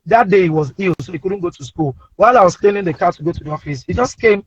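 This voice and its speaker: A man with a Nigerian accent, a comedian telling playful anecdotes in an animated way, speaking from inside a car. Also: high-pitched, quick pace, breathy edge. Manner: animated, playful, acts out voices. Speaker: comedian guest. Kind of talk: casual anecdotal storytelling. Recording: dull lo-fi remote audio.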